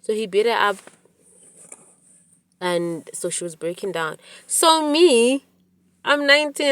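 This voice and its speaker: A woman in her forties hosting a podcast, telling a personal story in an animated way, with many restarts. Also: on the high side, slow, long pauses, smooth, no echo. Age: 40s. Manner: animated retelling with quoted dialogue, frequent restarts. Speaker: podcast host. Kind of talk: storytelling monologue.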